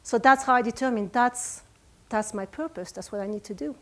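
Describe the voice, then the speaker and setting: A woman's voice: a little high, fairly quick. Earnest French-accented woman speaker. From France. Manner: earnest, emotional, heartfelt. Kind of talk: motivational stage talk. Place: retreat conference room.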